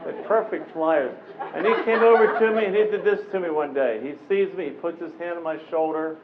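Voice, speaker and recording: Male keynote speaker, 40s, slightly high voice, animated storyteller who acts out his quotes; tinny, narrow-band recording. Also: fairly quick. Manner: animated, anecdotal, often slips into voicing the people he quotes. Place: conference room with a live audience. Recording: tinny phone-like recording with faint noise.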